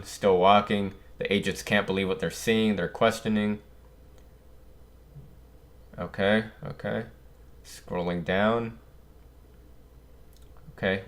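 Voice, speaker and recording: A young man hosting a manga reaction, muttering through the pages and breaking into loud, surprised exclamations. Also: lowish voice. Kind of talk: reading aloud and reacting.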